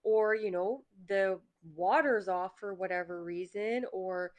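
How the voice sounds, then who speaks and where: A woman hosting a casual motivational talk, chatty and conversational, often acting out her own inner voice in quick asides. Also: medium pitch. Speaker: host.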